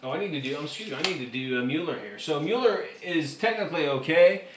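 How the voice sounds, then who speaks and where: A man running a tabletop wargame, casual and excitable, counting dice out loud. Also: on the high side, fast talker, a little hiss or hum. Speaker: game master. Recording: echoey room with music behind.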